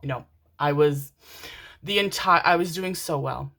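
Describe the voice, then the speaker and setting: A woman's voice: sits low, steady tone, normal speed, fairly bright tone. A young adult woman doing a casual tarot card reading to camera, affectionate and gushing, calling listeners her darlings and piling up repeated words.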